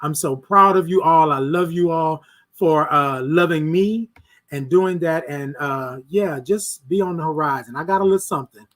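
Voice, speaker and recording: A man hosting a casual morning livestream, greeting viewers by name with repeated affirmations and lively swings between loud and soft. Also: fairly high pitch, normal speed. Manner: warm, repetitive affirmations, shouts out viewers by name. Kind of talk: casual live-stream chat with viewers.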